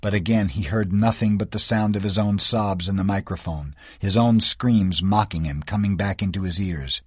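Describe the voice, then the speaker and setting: A man's voice: deep voice, normal speed, a little mellow, slightly rough, dry recording, clean studio sound. A man narrating an audiobook in a tense, dramatic storytelling manner.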